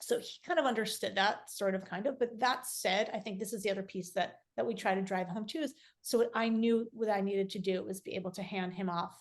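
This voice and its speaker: Her mid-range voice stays steady and runs a little fast, with few pauses, as this middle-aged woman opens up candidly as a podcast guest. The conversational interview finds her reflective, restarting sentences and dropping in fillers.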